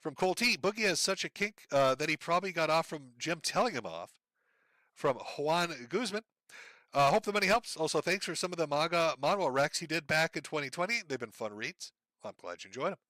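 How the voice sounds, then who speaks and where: A man reading out donation messages on a casual livestream, sardonic and profane, with a deadpan delivery. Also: a little high, brisk, no echo, clean studio sound.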